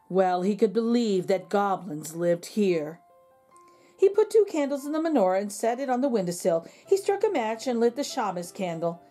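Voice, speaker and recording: A woman with a fairly high voice reads a children's picture book aloud, slow and expressive like a storyteller.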